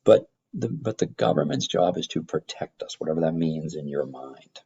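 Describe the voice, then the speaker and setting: A middle-aged male teacher with a very low, gravelly voice gives a rambling classroom lecture, full of restarts and fillers. His tone is a bit husky, and the recording sounds muffled and lo-fi. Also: lively intonation, normal speed, mellow. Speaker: high school government teacher.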